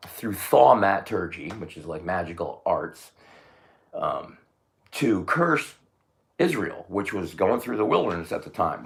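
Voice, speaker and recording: A man delivering a rambling religious monologue. He swings from shouting to muttering and corrects himself as he tells the story. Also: sits low, gravelly.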